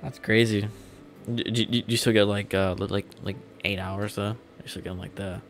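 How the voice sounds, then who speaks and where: A man's voice: on the low side, steady tone, normal speed, soft background music. A young man casually chatting with viewers while he plays a game on a livestream, rambling loosely and swearing now and then. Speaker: streamer. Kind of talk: casual gameplay livestream chat.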